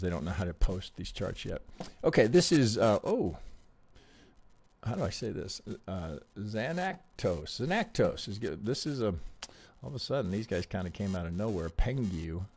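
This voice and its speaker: Hosting a trading live stream close to his desk mic, a man talks casually and bluntly, swearing often as he thinks aloud and troubleshoots. His low voice has vocal fry and a slightly mellow quality, with a little hiss or hum in the background.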